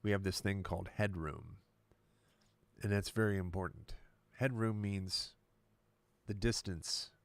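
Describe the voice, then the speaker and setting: Give me a relaxed male musician explaining things to viewers from his studio, with a gravelly low voice. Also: dry recording. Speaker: musician and producer hosting a live stream. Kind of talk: casual live-stream chat.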